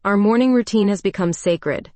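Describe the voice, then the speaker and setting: A woman narrating a first-person romance story in a calm, even storytelling voice. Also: mid-range voice, normal speed, no room sound.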